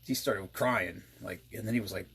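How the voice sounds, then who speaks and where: A man co-hosting a casual chat, telling rambling family stories with deadpan jokes. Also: lowish voice, normal speed, gravelly, soft background music. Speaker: podcast co-host.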